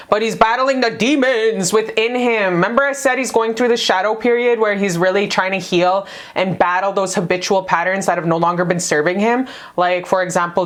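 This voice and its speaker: A chatty woman talks straight to her viewers through a love card reading. She is blunt and swears freely, and her voice jumps up in pitch when she stresses a point. Her pitch sits in the middle range for a woman. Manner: animated, jumps in pitch for emphasis. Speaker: tarot card reader. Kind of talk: casual love tarot reading to camera.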